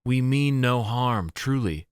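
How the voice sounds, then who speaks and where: A squeaky, nervous teenage girl, as a male narrator puts her on, with a voice raised well above his own. The delivery is dry and close. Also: lively intonation, takes it slowly, clear, resonant tone, no echo.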